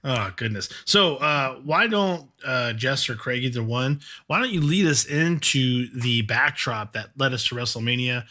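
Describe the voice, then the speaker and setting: A man co-hosting a casual podcast, easygoing and quick to banter. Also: medium pitch, lively intonation, bright, forceful tone. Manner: laughs often, easygoing banter. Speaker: podcast co-host. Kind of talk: casual chat.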